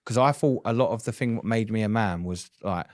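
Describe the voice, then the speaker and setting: A man, a podcast guest telling candid stories in a rapid, sweary way. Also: on the low side, dry recording, clean studio sound.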